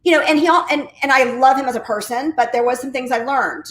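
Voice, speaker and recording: A woman telling her story as an interview guest, a real estate agent, talking in a high-energy, enthusiastic way. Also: fast. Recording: roomy echo.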